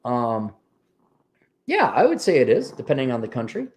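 A man's voice: medium pitch, moderate pace. A man from the United States hosting a livestream, reading out paid chat messages and answering them in an offhand, wry way. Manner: offhand, wry, lively commentary.

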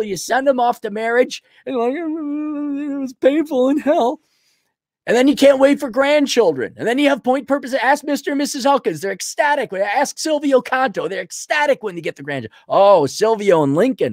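A middle-aged man giving rambling, folksy advice to a listener in a casual monologue, with sudden loud swings as he tells stories. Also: very high-pitched, lively intonation, fairly quick, hardly any pauses, no room sound, clean studio sound. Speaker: advice host answering a listener.

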